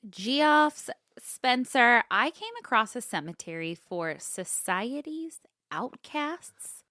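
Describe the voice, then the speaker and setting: A woman's voice: fairly high pitch, animated, takes it slowly, pushed and bright, no room sound, clean studio sound. A woman co-hosting a casual comedy podcast, telling a history story in a bubbly way and laughing often. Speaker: podcast co-host.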